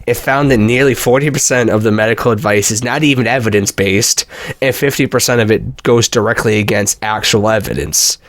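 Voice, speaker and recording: A man's voice: fairly low pitch, fairly quick, fairly bright tone, no echo, studio quality. A young man co-hosting a casual podcast chat, laid-back and rambling, laughing often. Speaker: podcast co-host.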